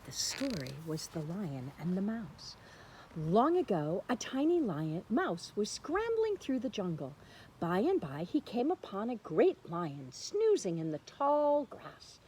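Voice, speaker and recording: A woman reading a picture book aloud for a church children's lesson, slow and expressive, with soft quiet asides. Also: mid-range voice, a little hiss or hum, rough recording.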